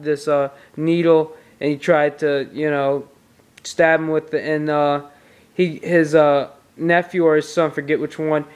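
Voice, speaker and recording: Smooth-voiced man, flat delivery. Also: on the high side. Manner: rambling plot retelling with restarts. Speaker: VHS movie reviewer. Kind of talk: casual movie review.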